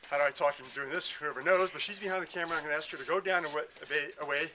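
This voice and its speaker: Bright-voiced man coaching a workout, winded. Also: fairly high pitch, rapid-fire, slight background noise. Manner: chatty, self-mocking, explains while exercising. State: out of breath. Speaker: fitness instructor. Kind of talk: casual workout demonstration. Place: outdoors at a house in the woods. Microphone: filmed by a camera operator.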